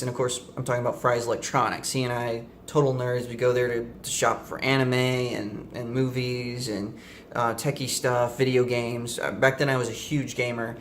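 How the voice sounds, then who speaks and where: A man's voice: medium pitch, level tone, moderate pace, slight background noise. A young man vlogging, telling a casual story to the camera in a rambling way with many fillers and self-corrections.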